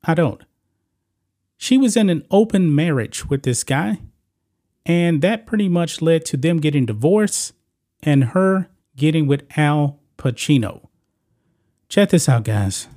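A man with a somewhat high-pitched voice delivers opinionated celebrity news commentary for his channel. He talks straight to his viewers in a blunt, moralizing way. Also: lively intonation, a little slow, warm tone. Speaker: channel host.

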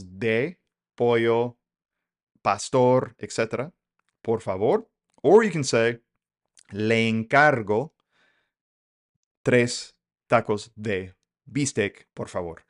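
A young man hosting a podcast, giving a relaxed, chatty spoken lesson and slowly repeating phrases for learners. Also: medium pitch. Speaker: podcast host teaching Spanish.

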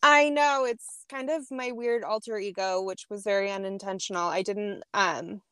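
A woman in her thirties from Boston, chatting as a podcast guest, laughing often and pausing with hesitations. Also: mid-range voice, pushed and bright, clean tone, no room sound, clean studio sound. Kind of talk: casual interview chat.

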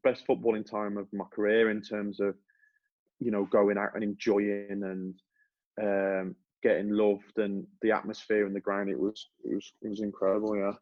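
A man's voice: fairly low pitch, moderate pace, no room sound, lo-fi sound. A man, a former footballer, talking casually as a podcast guest, telling stories with many restarts. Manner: relaxed storytelling with many restarts.

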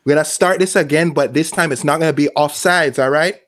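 Man doing a mock-outraged Jamaican woman rant, high-ish voice, podcast gag. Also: fast talker, a bit bright, natural voice. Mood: indignant. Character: impression of a famous singer, woman ranting about a football team.

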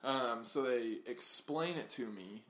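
A man's voice: mid-range voice, slow, a bit bright. A young man co-hosting a podcast, telling a long story in casual chat and acting out the people in it. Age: young adult. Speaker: podcast co-host.

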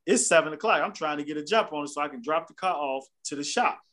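A man's voice: a little high, quick pace, a bit bright. A man co-hosting a podcast, telling a long profane story in casual chat. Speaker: podcast co-host.

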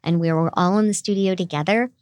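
A woman's voice: lowish voice, fast talker, a little mellow, no room sound, studio quality. A middle-aged woman voice actor with a youthful, girlish-sounding voice, chatting animatedly as an interview guest. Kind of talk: casual interview chat.

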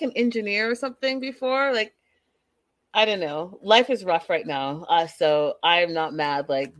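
Chatty woman recapper, lowish voice, dry close mic, talks right to her viewers. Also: no echo. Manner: gossipy, addresses viewers directly. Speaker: reality TV recap vlogger.

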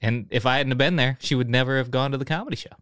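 A man's voice: mid-range voice, rapid-fire, fairly bright tone, clear, resonant tone. A man co-hosting a casual podcast, laid-back as he tells a story. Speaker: podcast co-host.

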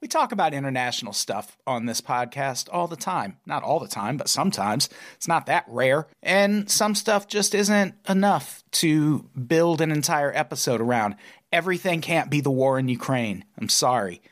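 Podcast host, male, animated delivery with a wide pitch swing, playful and wry. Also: moderate pace. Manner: joking, reads headlines aloud. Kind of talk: casual chat.

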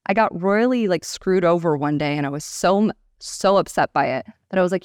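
A woman in her thirties with a lowish voice talks briskly, hardly pausing, in clean studio sound with no echo. She's a startup founder in a candid interview, telling stories animatedly and acting out the people she quotes.

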